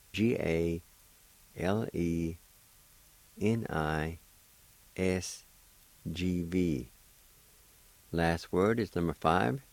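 This low-voiced host from Oklahoma, United States, teaches language over the radio, working through spelling and pronunciation at a slow, patient pace. He encourages his audience and jokes gently, though the recording is low quality, with no echo.

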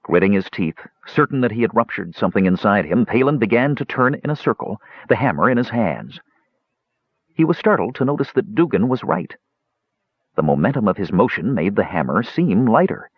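Man narrating fantasy, animated pitch, husky, dry close recording. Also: a little fast, no room sound, muffled recording. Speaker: audiobook narrator.

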